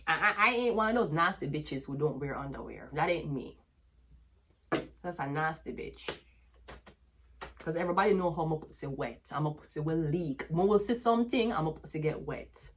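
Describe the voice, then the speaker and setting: A woman's voice: low voice, animated, normal speed, noisy background. Brash Jamaican woman ranting through tarot. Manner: brash, cursing, switching into patois. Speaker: tarot reader. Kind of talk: profane tarot reading rant.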